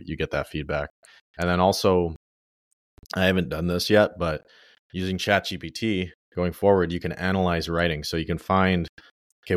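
A young man with a low voice explains his working methods in an easygoing, loosely phrased way. His sound is dry and close, with no room echo. The tone is casual interview talk. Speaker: ghostwriter guest.

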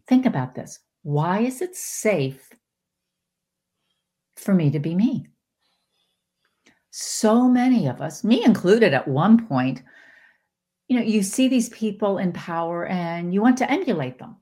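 A woman guest giving a motivational talk on spirituality, animated, her pitch often jumping into quoted voices. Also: unhurried. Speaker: podcast guest, spiritual teacher.

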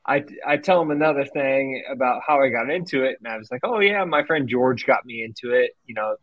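A man's voice: medium pitch, lively intonation, a little fast, dry recording, lo-fi sound. A man co-hosting a casual fishing podcast, telling a rambling story and breaking into laughter. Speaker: podcast co-host.

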